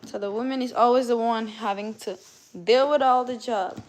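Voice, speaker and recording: A woman's voice: a little high, steady tone, moderate pace. A woman from Canada hosting a casual livestream, chatting with viewers, greeting them by name and reading out their messages. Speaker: livestream host. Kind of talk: casual live-stream chat with viewers.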